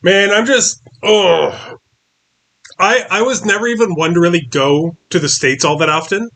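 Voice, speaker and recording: A man hosting a relaxed interview, with a fairly high, very bright voice. He talks loosely, padding his sentences with ums and likes. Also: moderate pace. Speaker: host. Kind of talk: casual interview.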